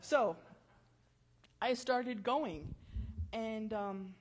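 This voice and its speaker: A woman in her forties giving a personal testimony at church, telling her story in a chatty, animated way. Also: a little high, drawn-out words, slight background noise.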